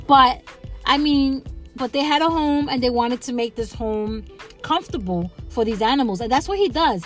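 A woman with a somewhat high voice hosts a casual solo podcast, rambling and restarting with plenty of fillers and easy laughs. She talks into a podcast microphone, with faint music in the background. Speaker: podcast host.

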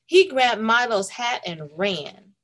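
A woman's voice: on the high side, big pitch swings, slight background noise. A woman hosting a read-aloud for children, reading a picture book and asking the young listeners questions. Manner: slow, warm, questioning the listeners.

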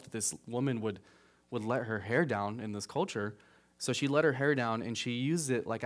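A man preaching a casual, conversational sermon as pastor, often checking in with "right?", getting animated on asides and dropping quiet on serious points. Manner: conversational, keeps asking "right?"; rises animated at asides, drops low on solemn points.

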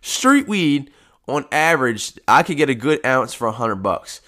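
A man's voice: medium pitch, sing-song, a little slow, bright, forceful tone. Congested man, rambling and profane. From United States. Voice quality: rambling, profane, laid-back delivery. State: congested from post-nasal drip. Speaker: podcast host. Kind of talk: casual solo podcast chat. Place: at home.

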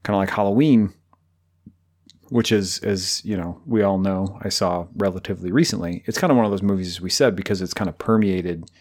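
Low-voiced rambling man chatting about films. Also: brisk, darkish tone. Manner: rambling, jokey, many fillers and restarts. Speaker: podcast co-host. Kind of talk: casual film discussion.

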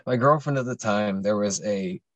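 A man's voice: fairly low pitch, a little slow, a bit bright, no room sound, highs cut off. A young adult man casually telling a long personal story on a podcast, rambling and profane, with many fillers and restarts.

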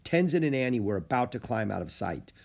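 A man narrating a children's chapter book aloud. His pitch is lively and expressive, and he keeps a steady storyteller's flow. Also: brisk, vocal fry. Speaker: audiobook narrator.

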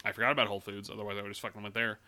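Bright-voiced man, rambling and profane. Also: lowish voice, little pitch movement, racing. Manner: rambling, profane, sarcastic storytelling. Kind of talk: casual chat.

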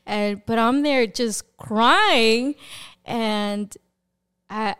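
A young woman telling her faith testimony as a podcast guest, in a casual, animated way, acting out the voices she remembers and laughing often. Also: fairly high pitch, slow pace, clean tone. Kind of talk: personal testimony in casual conversation.

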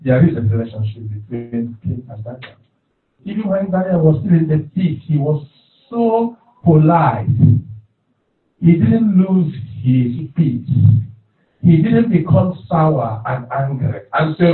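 A man's voice: fairly high pitch, big pitch swings, measured pace. A man preaching a sermon, repeating his phrases and calling for responses from the congregation. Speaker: pastor. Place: church hall. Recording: echoey hall, distant, phone-like.

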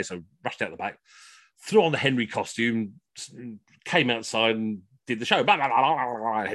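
A man telling comic stories in a chatty, lively way, acting out the people he quotes. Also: medium pitch, normal speed, no room sound. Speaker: costumed entertainer. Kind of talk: comic storytelling. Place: at home on a video call.

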